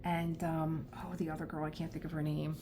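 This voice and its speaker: Fairly quick and monotone, this low-ish-voiced South Philly woman from Philadelphia chats and rambles while crafting for her vlog, laughing often. The background is noisy.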